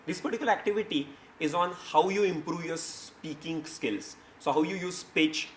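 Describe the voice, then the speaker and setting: In a seminar hall, a man presents his company and explains his teaching approach, restarting frequently and using many fillers. His voice is slightly high and his pace moderate, with a faint hiss or hum in the audio.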